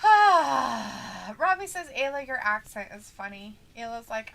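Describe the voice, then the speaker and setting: A woman with a bright, fairly high voice chats casually, reading out viewer comments. She teases and giggles as she goes, keeping things light and playful. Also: sing-song, slow pace, creaky. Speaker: co-host of a wrestling watch-along stream.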